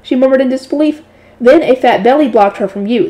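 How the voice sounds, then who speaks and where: A woman reading a light novel aloud in a steady narrating voice, adding her own asides. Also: high voice, fairly quick. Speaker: audiobook reader.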